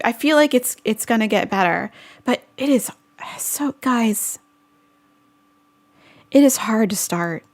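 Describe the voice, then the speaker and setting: Young woman vlogger, fairly high-pitched, chatty, giggly, casual talk full of fillers. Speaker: vlogger answering viewer questions. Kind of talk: casual chat.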